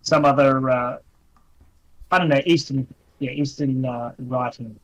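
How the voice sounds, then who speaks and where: A man's voice: mid-range voice, steady tone, a little slow, poor audio. A young Australian man co-hosting a podcast in casual chat, joking and teasing. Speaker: podcast co-host.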